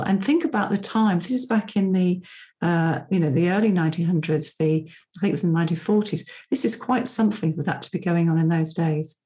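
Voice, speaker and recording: A middle-aged woman talks through a solo podcast episode. Her voice sits a little low for a woman. She speaks in a chatty, personal way and drifts into asides. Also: warm tone. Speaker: podcast host and personality profiling coach. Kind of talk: casual solo podcast talk.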